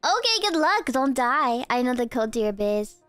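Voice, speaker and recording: A young woman streaming live, who teases her chat in a giggly, playful way while pretending to be a barista and sometimes breaks into squeaky outbursts. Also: very animated, moderate pace, fairly bright tone, no room sound, faint music behind.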